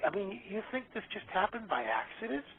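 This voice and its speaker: A man speaking as a guest on a radio interview, emphatic and excitable, often repeating his words. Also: high voice, a little fast, crowd noise. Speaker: guest author. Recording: tinny phone line.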